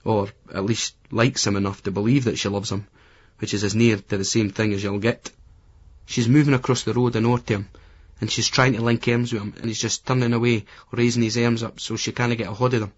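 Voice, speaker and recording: A man's voice: on the low side, flat delivery, a little fast, husky, muffled recording. A man with a Scottish accent giving gritty, colloquial first-person audiobook narration. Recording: remastered poor-quality audio.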